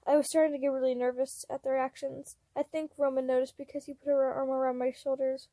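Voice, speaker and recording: Girl reading fanfic out loud, high voice, dry close mic, chatty asides. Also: a little fast, no echo. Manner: expressive, breaks off to comment. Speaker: fan fiction reader. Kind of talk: reading fan fiction aloud.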